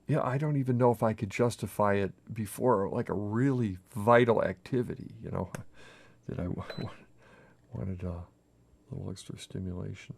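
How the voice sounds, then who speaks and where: A man hosting a coffee brewing video at home, talking in a halting, self-interrupting, nervously chatty way while he brews for the camera. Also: lowish voice, creaky, husky. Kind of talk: casual on-camera brewing demo. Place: home kitchen. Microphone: camera mic with a crew.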